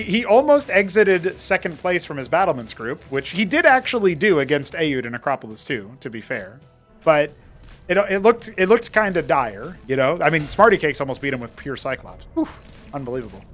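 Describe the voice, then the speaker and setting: A man casting a strategy-game match live, mixing quick play-by-play with rambling trivia asides. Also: fairly high pitch, a bit bright. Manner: chatty play-by-play that wanders into trivia. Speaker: esports caster and show host.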